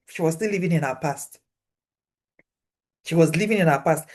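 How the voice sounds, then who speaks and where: A woman preaching a sermon, animated, repeating phrases for emphasis and swinging her pitch widely as she acts out voices. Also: normal speed, pauses often, breathy edge.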